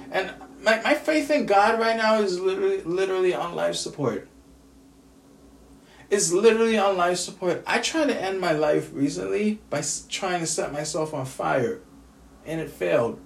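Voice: medium pitch, vocal fry, a little hiss or hum. Bitter, profane ranter in a roomy echo. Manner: bitter, profane, repetitive venting. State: exhausted and upset. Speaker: aspiring screenwriter venting. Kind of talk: emotional solo rant to camera. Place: at home indoors. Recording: roomy echo, distant from mic.

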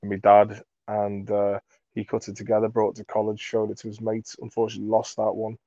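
A man from Merseyside, a comedy creator, telling rambling sweary anecdotes in a relaxed interview. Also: fairly low pitch, fairly quick, no room sound, highs cut off. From Merseyside, England. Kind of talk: casual storytelling in an interview.

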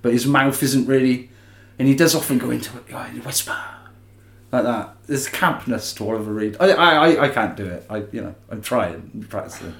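A man's voice: medium pitch, a little fast, fairly bright tone. A man co-hosting a podcast in casual chat, chatty and rambling, with plenty of restarts. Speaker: podcast co-host. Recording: roomy echo.

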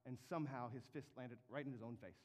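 A man preaching a sermon as pastor, telling stories with lively comic flair. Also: mid-range voice, quick pace, long reverb tail. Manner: animated, comic storytelling.

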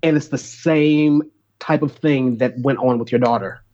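Man, podcast guest, eager and chatty; mid pitch, slightly dull audio. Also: fairly even intonation, normal speed, a little mellow. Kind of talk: casual chat.

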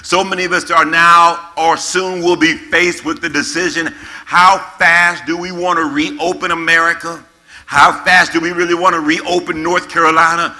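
A man preaching a sermon to young people, reading scripture slowly and repeating key words for emphasis. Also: a little high, little pitch movement, pushed and bright. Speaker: pastor. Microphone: camera-facing, recorded for online viewers.

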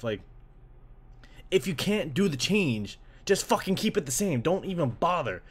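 A man's voice: on the high side, expressive, normal speed, husky. A young man from Canada ranting casually about anime translations, full of "like" fillers and swearing, slipping into mocking voices. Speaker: anime fan. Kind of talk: casual rant.

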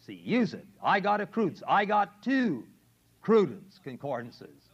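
A man's voice: high-pitched, big pitch swings, unhurried, breathy edge. An older man preaching a sermon to a men's class, emphatic and repetitive, often asking his listeners "see?". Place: college classroom. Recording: lo-fi 1970s tape recording.

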